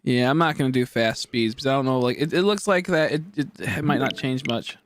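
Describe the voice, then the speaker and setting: A man's voice: mid-range voice, a little fast, slight background noise. A man in his twenties chatting casually on a game live stream, rambling and joking as he answers chat aloud. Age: 20s.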